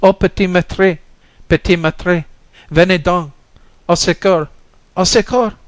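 Guy doing a big scared creole woman, high and loud, french words mixed in, dry close sound. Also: a little slow, no echo, close to an everyday voice. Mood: frantic. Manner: urgent, pleading, mixes French words. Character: powerful, frightened Creole woman.

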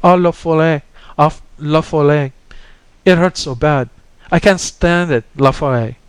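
A man's voice: a little high, measured pace, smooth, no room sound, pitched above the performer's own voice, close to an everyday voice. A man voicing a wounded little boy who whimpers and pleads in pain. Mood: sobbing.

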